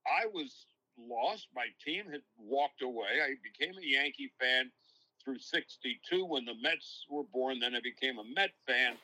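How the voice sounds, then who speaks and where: Older New broadcaster, bright and forward, spins long reflective stories as an interview guest. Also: male voice, medium pitch, lively intonation, unhurried, rough recording. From New York. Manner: long-winded, reflective storytelling. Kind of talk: casual interview, storytelling.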